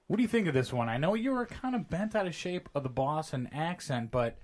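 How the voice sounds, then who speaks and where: A man's voice: on the high side, animated, brisk, a little mellow. A man hosting a casual podcast chat, calling on each guest in turn in a loose, chatty way. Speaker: podcast host.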